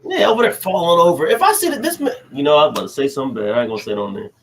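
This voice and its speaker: Animated young man ranting, high lively voice. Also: rapid-fire, a crowd in the background. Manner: animated, ranting, interrupts with "hold on". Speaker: podcast co-host. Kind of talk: heated political banter.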